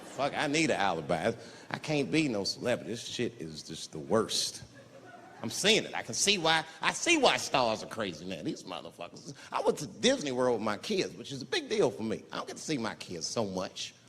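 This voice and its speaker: Animated male stand-up comic in a hall. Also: moderate pace. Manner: animated, jumps into shouted high voices for characters. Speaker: stand-up comedian. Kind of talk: stand-up comedy routine. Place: large theater stage with audience. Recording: live hall recording, audience noise.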